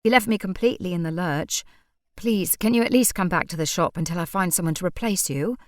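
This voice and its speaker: A woman reads an easygoing, charming young man with a low, close, dry voice. He sounds earnest and a little lost, as if pleading with a friend in an audiobook scene. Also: a little fast, no echo, natural voice.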